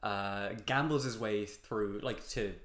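A woman's voice: rumbling low, slow pace. A woman co-hosting a podcast, chatting casually about a film, laughing often and swearing freely. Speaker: podcast co-host. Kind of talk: casual film review chat. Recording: roomy echo.

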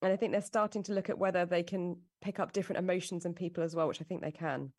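Quick-talking woman explaining cat behaviour. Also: lowish voice, steady tone, darkish tone. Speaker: cat welfare expert, co-host. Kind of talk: casual explaining.

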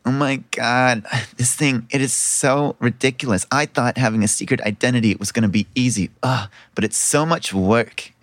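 A man's voice: medium pitch, normal speed, hardly any pauses, fairly bright tone, no echo, pitched below the performer's own voice, close to an everyday voice. A man doing a snobbish whiny elf. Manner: whiny, dismissive. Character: snobbish young woman high elf, rude to commoners.

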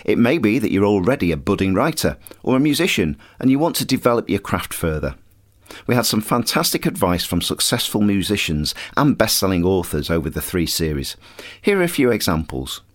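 A man's voice: fairly low pitch, big pitch swings, brisk. A man hosting a podcast, narrating scripted links that introduce his guests' clips. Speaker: podcast host.

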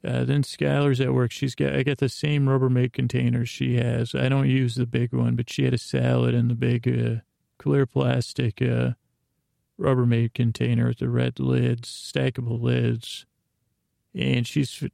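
Very gravelly, flat-voiced drowsy man. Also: medium pitch, dry recording, studio quality. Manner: meandering, hesitant, full of asides; drowsy, unhurried. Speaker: podcast host. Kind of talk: rambling bedtime recap.

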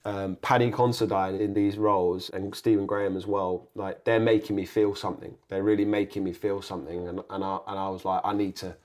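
A young man with a fairly low voice tells rambling stories as a podcast guest. His delivery is casual and animated, full of restarts and asides. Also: fairly quick, few pauses. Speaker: actor guest. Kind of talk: casual interview chat.

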